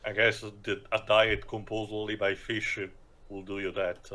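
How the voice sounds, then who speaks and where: Halting male commentator, bright voice. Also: fairly low pitch, level tone, poor audio. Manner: halting, many fillers, knowledgeable. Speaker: podcast co-host. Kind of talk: casual film commentary.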